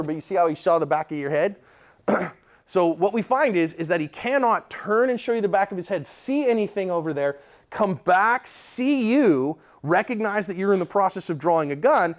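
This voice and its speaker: High-voiced, blunt firearms instructor man. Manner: emphatic and blunt, checks in with the class. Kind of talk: live classroom lecture.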